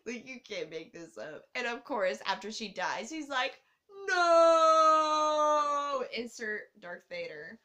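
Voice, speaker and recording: A young woman hosting a casual movie review countdown, excitable and swearing, laughing and swooping up and down as she talks. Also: mid-range voice, unhurried. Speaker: host.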